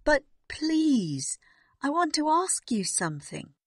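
A woman voicing a timid, tearful young kitchen maid who pleads and apologizes, in a slow storybook reading. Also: mid-range voice, animated, a bit bright, no room sound, clean studio sound. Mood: pleading.

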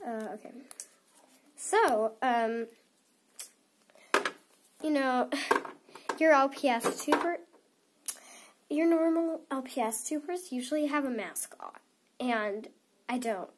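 A woman's voice: high-pitched, animated, takes it slowly, long pauses, noisy background. A teenage girl chatting to camera as she unboxes toys, giggling and rambling with a stuffy nose. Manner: giggly and rambling, many "like" fillers. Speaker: toy unboxing vlogger. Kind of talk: casual chat to camera.

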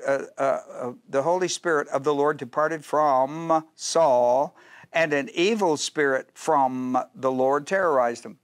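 A man's voice: a little high, no room sound, clean studio sound. A man teaching a Bible study as pastor, talking in an emphatic, repetitive way and checking often that his listeners follow.

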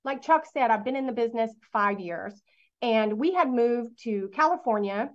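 A middle-aged woman who speaks on network marketing gives a motivational talk, telling the audience her business story and putting questions to them. Her voice is on the high side and expressive, at normal speed, and the recording has its highs cut off.

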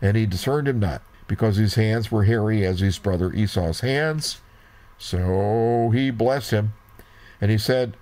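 A man teaching a Bible lesson, reading old scripture slowly and deliberately, breaking off for brief remarks of his own. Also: lowish voice, a little mellow.

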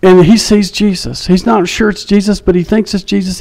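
A male pastor preaching a sermon in an animated way, acting out the people he quotes. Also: sits high, moderate pace, vocal fry, few pauses, poor audio. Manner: animated, acts out quotes in shifting voices.

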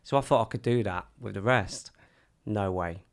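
A man's voice: on the low side, moderate pace. A man telling his own story casually, acting out the things people said to him. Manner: animated storyteller acting out quoted dialogue.

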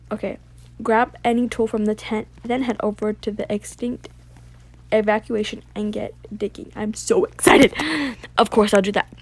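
Excitable gaming vlogger with a gravelly edge. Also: female voice, mid-range voice, measured pace. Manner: excitable, gushing, frequent exclamations; reads on-screen game text aloud. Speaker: gaming YouTuber. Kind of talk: casual gameplay commentary.

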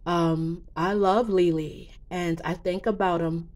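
A woman making psychic predictions in a casual vlog, talking slowly in a rambling way with many fillers and restarts. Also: on the low side, steady tone, darkish tone. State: emotional, near tears. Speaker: psychic vlogger.

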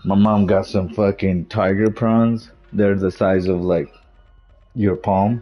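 A man's voice: deep voice, steady tone, measured pace, soft background music. A young man hosting a casual gaming session, joking and talking in slangy banter with a friend. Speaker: gamer host. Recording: dull lo-fi game capture.

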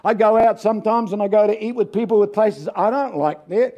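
A man's voice: sits high, fairly quick, dull audio. Older Australian man preaching with folksy humor. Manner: folksy, humorous, calls out for amens. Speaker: guest preacher. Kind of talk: sermon with storytelling.

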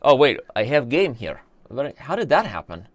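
A man's voice: medium pitch, sing-song, normal speed, dry recording, studio quality. A man in his thirties hosting a live stream, chatting casually and joking while he reads viewer comments aloud. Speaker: chess streamer host.

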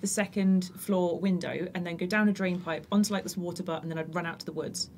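A woman's voice: lowish voice, fairly even intonation, quick pace, a little mellow, a little hiss or hum. A woman playing a tabletop game, talking in a friendly way while searching for words. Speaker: player. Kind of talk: casual tabletop game chat.

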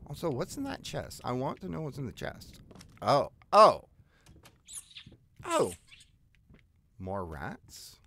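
A man's voice: mid-range voice, huge pitch swings, slow, gravelly, long pauses, sharp tone. A young man giving let's-play commentary on a horror game, with jumpy, chatty, half-joking reactions to scares. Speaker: gaming YouTuber.

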